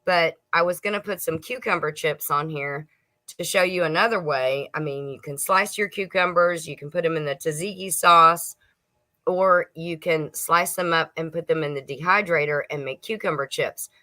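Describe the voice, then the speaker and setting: A middle-aged woman hosting a casual homestead livestream, chatting warmly with viewers, laughing and snacking as she talks. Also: sits low, normal speed. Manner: chatty, laughs and munches while talking to viewers.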